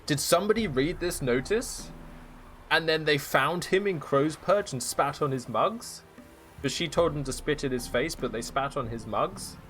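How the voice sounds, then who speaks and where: A man's voice: medium pitch, fairly bright tone. A man streaming a video game, joking and teasing through playful commentary. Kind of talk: gameplay commentary.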